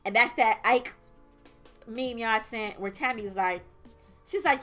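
A woman's voice: a little high, takes it slowly, soft background music. A woman co-hosting a casual chat, animatedly recapping a reality show and acting out what people said. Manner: animated storyteller, voices quotes dramatically. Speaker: podcast co-host.

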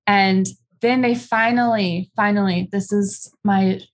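A young adult woman candidly telling her personal story as an interview guest, halting with many fillers. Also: mid-range voice, fairly even intonation.

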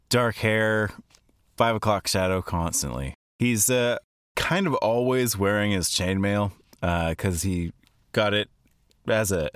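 Man describing his character, lowish smooth voice, rambling, lots of uhs, dry close sound. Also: dry recording. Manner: rambling, many fillers. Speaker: player. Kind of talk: casual chat, describing a character.

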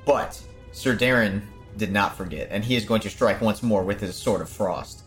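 Fairly low-voiced man playing a tabletop game. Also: moderate pace, faint music behind. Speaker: player. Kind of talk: casual tabletop game play.

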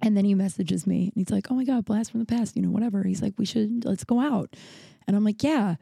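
A woman in her thirties tells a long personal story on her podcast, wandering off and correcting herself, peppering it with fillers and curses. Her voice is mellow and warm. The sound is dry and close, with no room around it. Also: mid-range voice, fast talker, gravelly, husky, dry recording. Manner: rambling, profane, lots of fillers and self-corrections. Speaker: podcast host. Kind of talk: casual storytelling monologue.

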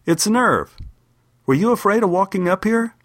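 A man's voice: sits high, expressive, moderate pace, a bit bright, dry recording, clean studio sound, voice pushed up. A man voicing a big, hearty grown man who laughs and teases a small boy in a spoken memoir story. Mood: amused. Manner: hearty, teasing.

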